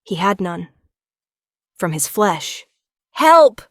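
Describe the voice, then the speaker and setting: A woman's voice: mid-range voice, flat delivery, unhurried, no room sound, studio quality. A woman giving dramatic first-person audiobook narration of a tense thriller.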